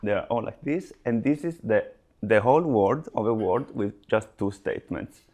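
A man giving a live lecture, explaining step by step with frequent restarts and pauses. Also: on the low side, animated, dark tone. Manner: halting, restarts mid-phrase, explains step by step.

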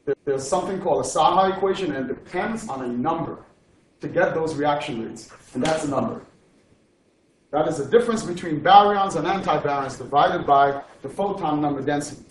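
A man's voice: a little high, brisk. A man, a physics professor, giving an informal lecture in a digressive, joking way and often checking in with "okay?". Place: lecture hall. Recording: echoey lecture hall from far off with faint noise.

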